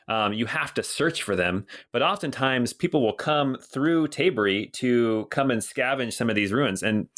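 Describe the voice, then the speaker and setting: A man narrating as game master of a tabletop game, relaxed and rambling with many ums. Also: mid-range voice.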